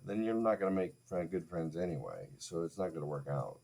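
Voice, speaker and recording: A man's voice: deep voice, very animated, fairly quick, creaky, few pauses, dark tone. A man in his forties, hosting a livestream, telling a crude comic story in a sarcastic, rambling way with self-mocking asides. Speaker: streamer host.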